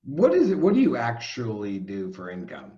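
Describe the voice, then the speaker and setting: A man's voice: on the low side, wildly swooping pitch, moderate pace, mellow. A male interview host asking short, casual questions and laughing along. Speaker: host, scout. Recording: dull lo-fi audio.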